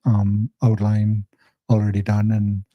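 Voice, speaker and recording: A man's voice: on the low side, slow pace, no echo, muffled recording. A man organizing a workshop, speaking hesitantly with lots of fillers in casual live-stream chat. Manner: hesitant, filler-heavy, flat delivery.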